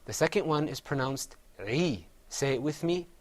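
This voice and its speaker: A man's voice: a little high, animated, moderate pace. Patient man drilling Arabic sounds. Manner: patient, repeats each sound for a group to echo back; explains mouth positions step by step. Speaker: Arabic teacher. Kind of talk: classroom pronunciation drill.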